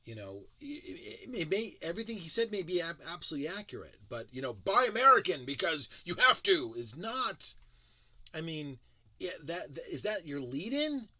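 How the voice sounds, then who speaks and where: A man's voice: a little high, sing-song, moderate pace, fairly bright tone, no room sound. A man giving casual, critical commentary as a tech show reviewer, emphatic and sarcastic, with frequent restarts.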